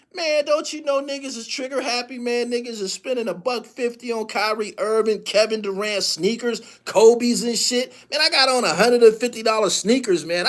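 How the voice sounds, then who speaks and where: A man's voice: extremely high pitch, fairly bright tone. A man hosting his own channel, delivering a heated, profane sports rant full of slang and repeated lines. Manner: heated, rapid-fire, repetitive rant with heavy slang. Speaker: host. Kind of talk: profane ranting sports commentary.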